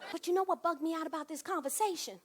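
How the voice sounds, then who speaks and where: Animated high-voiced woman telling a story on stage. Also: quick pace. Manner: animated, comic, swings from hushed asides to loud bursts. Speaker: solo stage performer. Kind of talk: one-woman stage monologue.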